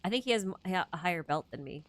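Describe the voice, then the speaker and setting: A woman's voice: on the low side, animated, rapid-fire, a little hiss or hum. A young adult woman hosting a casual chat, rambling and interrupting herself, often laughing mid-sentence. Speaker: host.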